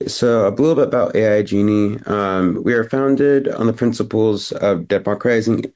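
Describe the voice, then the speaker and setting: A young man with a hoarse voice reading a scripted company pitch over a video call. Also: moderate pace. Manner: steady, scripted delivery. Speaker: founder and CEO. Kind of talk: read pitch presentation.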